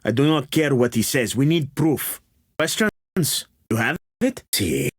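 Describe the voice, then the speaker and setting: A curt colonial officer. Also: male voice, medium pitch, animated, slightly rough, dry recording, clean studio sound. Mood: brisk. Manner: brisk, dismissive, uses Spanish words. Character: curt busy male colonial officer giving pirate tasks. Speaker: game voice actor. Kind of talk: video game voice-over takes.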